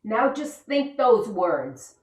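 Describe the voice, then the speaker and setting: A woman with a high voice guides children through yoga poses at an unhurried pace, upbeat and encouraging. She speaks from some distance to the camera, and the sound is roomy and echoing. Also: sing-song, a little mellow. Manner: upbeat, encouraging, gives simple step-by-step instructions. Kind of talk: guided kids' yoga and mindfulness lesson. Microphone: camera set back from her.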